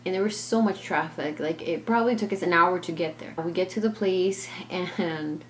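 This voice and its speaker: A woman's voice: fairly low pitch, normal speed, a little hiss or hum. Rambling young woman telling a story. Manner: rambling, filler-heavy "like" talk. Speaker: family vlogger. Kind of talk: casual storytime.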